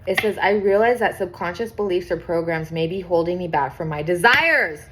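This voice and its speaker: A young woman giving a casual tarot reading to her viewers, chatty and excitable, swearing freely and reading card texts aloud. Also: lowish voice, a little fast, slight background noise. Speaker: tarot reader.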